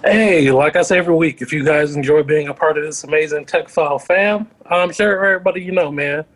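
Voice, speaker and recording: A man's voice: fairly high pitch, fairly quick. A man co-hosting a casual podcast, hyped and joking and swearing freely. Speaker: podcast co-host.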